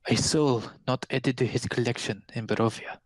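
A man voicing an old female fortune-teller, speaking in slow, theatrical, ominous pronouncements. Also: medium pitch, steady tone, no room sound, close to an everyday voice, poor audio. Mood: cryptic.

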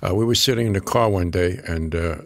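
A man's voice: deep voice, quick pace, creaky, a bit bright, no echo, studio quality. An older man with a Bronx accent, an actor telling rambling stories in an interview, full of restarts and acted-out quotes. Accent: New York Bronx. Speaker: guest actor. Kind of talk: storytelling interview.

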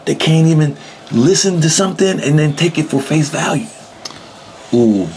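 A man's voice: a little high, expressive, moderate pace, vocal fry, darkish tone, slight background noise, low-quality recording. A young man talking casually as an interviewee, in loose, slangy speech and often breaking into laughter. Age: young adult. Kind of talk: casual chat.

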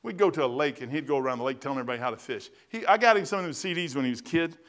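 Folksy, animated preacher man. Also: mid-range voice, very fast. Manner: animated, folksy storytelling with bursts of emphasis; casual, plain-spoken preaching. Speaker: pastor. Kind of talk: sermon. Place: church sanctuary.

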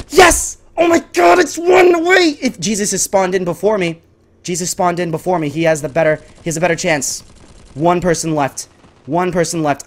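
A gaming channel host giving live gameplay commentary, swinging between frantic yelling and low muttering, talking to the viewers and to enemy players.

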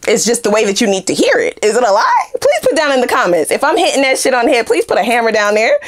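A woman tarot reader talks through a casual reading, animated and profane, often laughing. Her voice sits fairly high and leaps around expressively in pitch. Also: fast.

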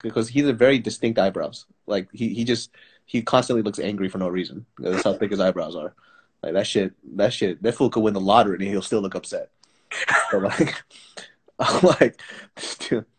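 A man's voice: on the low side, moderate pace, breathy edge. A man chatting casually, joking and mocking with playful quoted voices. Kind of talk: casual comedic chat.

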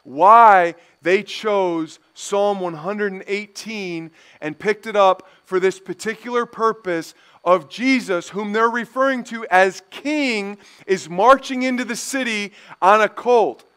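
Pastor guy preaching a sermon, real high voice, goes quiet then gets loud. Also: clean tone. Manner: slow, building from quiet to loud and emphatic.

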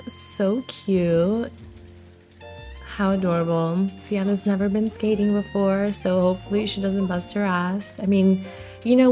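Young woman narrating her sim game, unhurried and giggly, bit of music playing underneath. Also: medium pitch, a little mellow. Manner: gushing, giggly, playful. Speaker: let's play host. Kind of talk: casual gameplay commentary.

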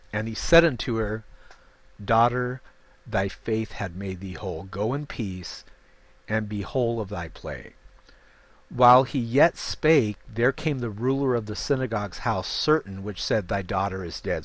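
Leading a Bible study, a man with a lowish voice reads King James verses aloud and breaks in with informal, chatty asides. The recording has no echo.

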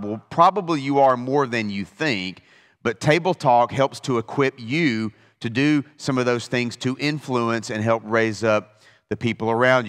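Pastor teaching in a reverberant room. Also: male voice, mid-range voice, fairly bright tone. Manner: conversational, with repeated restarts. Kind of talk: informal Bible study teaching.

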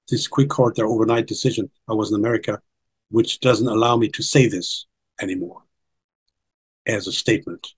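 Husky older man explaining insistently. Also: mid-range voice, a little mellow, poor audio. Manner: earnest, insistent, repeats key points. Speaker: documentary guest presenting research. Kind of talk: explanatory interview talk.

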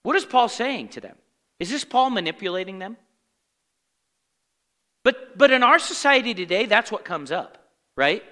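A man teaching scripture from the pulpit, his voice bright and lively, swinging from pointed questions to low, muttered impressions of complainers. The sound carries a long church-hall reverb. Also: normal speed, long pauses. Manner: asks the congregation fill-in questions, animated and conversational; acts out grumbling complainers in muttered asides. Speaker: pastor. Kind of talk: Bible study sermon. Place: church sanctuary.

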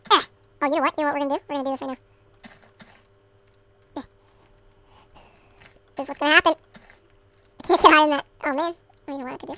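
A man's casual gameplay commentary sped up into a chipmunk voice, chattering with excited outbursts. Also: very high voice, fast talker, long pauses, pitched above the performer's own voice, exaggerated voice.

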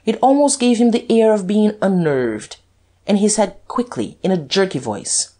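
Male audiobook narrator, measured and even, scripted reading. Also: high voice.

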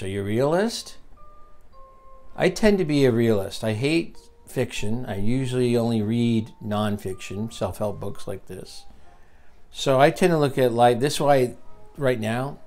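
A man's voice: medium pitch, unhurried, darkish tone, soft background music. A man hosting a virtual leadership seminar, reading from a book and adding his own comments. He stresses and repeats key lines and puts questions to the listener. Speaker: seminar host and teacher.

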